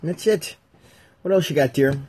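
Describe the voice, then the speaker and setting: A man hosting a casual chat, teasing and telling animated stories. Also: fairly high pitch, normal speed, crowd noise. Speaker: podcast host.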